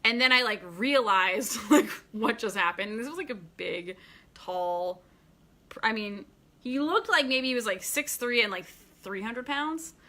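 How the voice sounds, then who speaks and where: Woman, thirties, bright voice; casual vlogger, rambling story delivery with fillers and laughs. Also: fairly high pitch, animated, unhurried. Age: 30s. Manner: chatty, many fillers and restarts; laughs often while talking.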